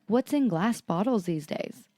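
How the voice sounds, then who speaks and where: A young adult woman co-hosting a podcast, chatting casually and telling animated stories about her toddler. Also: mid-range voice, a little slow, no room sound. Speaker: podcast co-host. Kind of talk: casual chat.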